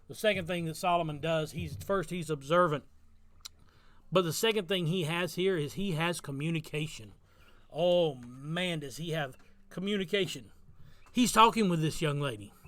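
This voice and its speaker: A man's voice: fairly high pitch, a bit bright, no echo. A middle-aged man, a pastor, preaching a daily devotional sermon outdoors on his front porch, telling stories earnestly and repeating key phrases for emphasis.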